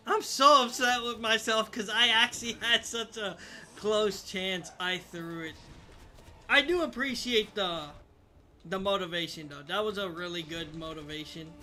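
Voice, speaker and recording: A man's voice: sits high, unhurried, bright, forceful tone, slight background noise. A young man streaming a game, casually commenting to his chat, frustrated, swearing and mocking himself. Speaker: gaming streamer.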